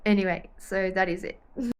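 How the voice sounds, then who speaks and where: A woman's voice: medium pitch, slight background noise. A young Australian woman chatting to camera in a rambling, easily sidetracked way about her day. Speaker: vlogger and triathlete. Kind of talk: casual chat to camera.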